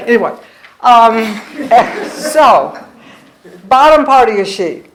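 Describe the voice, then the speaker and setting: Slow-talking woman teaching poetry. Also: on the high side, animated. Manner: chatty, laughs often, sounds out rhythms. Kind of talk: informal classroom teaching. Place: church classroom. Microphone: distant room mic. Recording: echoey room from far off, faint hiss.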